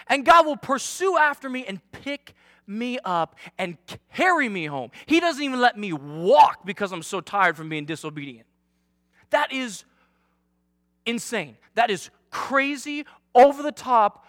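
High-voiced man preaching with bright energy. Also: takes it slowly, dry recording. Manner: energetic, joking, self-deprecating. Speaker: youth pastor. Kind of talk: sermon.

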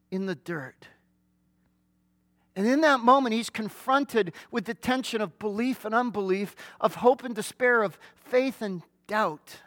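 A man preaching a sermon, telling a scripture story vividly with dramatic pauses and asking his listeners earnest rhetorical questions. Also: high voice, fairly bright tone, no echo. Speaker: pastor.

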